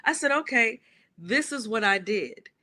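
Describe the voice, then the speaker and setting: A woman guest, an author and playwright, telling a story with lively animation and acting out the quoted dialogue in changing voices. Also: on the high side, a little slow.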